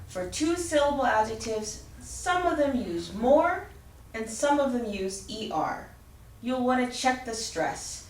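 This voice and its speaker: A woman teaching an English grammar lesson, explaining slowly and clearly and spelling out letters. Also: fairly high pitch, sing-song. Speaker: ESL teacher. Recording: roomy, distant mic with faint ambience.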